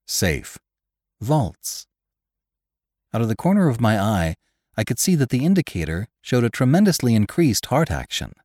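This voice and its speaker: A man narrating a classic story in a measured, expressive reading. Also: mid-range voice, dry recording, clean studio sound. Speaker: podcast narrator.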